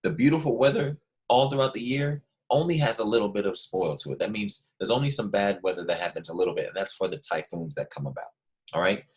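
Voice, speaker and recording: A man teaching a lesson to first graders, speaking slowly and clearly, repeating key words and prompting the class to say them back. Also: lowish voice, lively intonation. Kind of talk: classroom lesson for young children.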